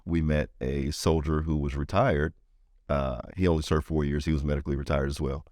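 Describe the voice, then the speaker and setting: A man's voice: brisk, no echo, studio quality. A middle-aged man telling a story in an interview, acting out the voices of the people in it. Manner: animated storyteller, acts out quoted voices higher. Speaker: veteran advocate guest.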